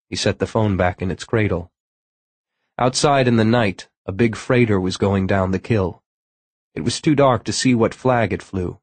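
A man narrating a novel in a steady, measured storytelling voice. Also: on the low side, no echo. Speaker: audiobook narrator. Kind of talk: scripted narration.

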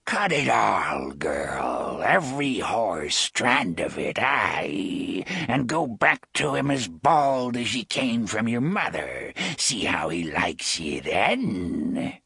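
A man's voice: on the low side, very animated, slow pace, gravelly, hardly any pauses, husky, dry recording, clean studio sound, heavily acted. A man voicing an old hag woman, harsh and scornful with a growling, whining cadence, in a storybook reading. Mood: menacing. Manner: harsh, scornful, half-shouted.

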